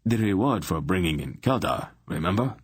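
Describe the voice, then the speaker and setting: A man's voice: deep voice, expressive, normal speed, slightly rough, dry recording, faint music behind. A man voicing a blunt, stubborn male merchant in an audiobook, speaking with dry mockery. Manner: blunt, mocking.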